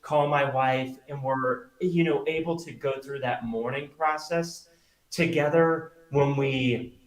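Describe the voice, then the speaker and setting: A man's voice: mid-range voice, slow. A middle-aged man, a magician and pastor, talking earnestly as a guest and telling stories with many fillers. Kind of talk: conversational interview. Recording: roomy echo.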